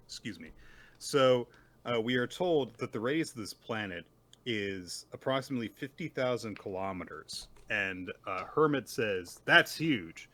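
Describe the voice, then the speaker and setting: A man's voice: on the low side, lively intonation, a little slow, a bit bright. A young man co-hosting a casual manga recap, making nitpicky, dry joking remarks. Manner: nitpicky, dry jokey asides. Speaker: podcast co-host.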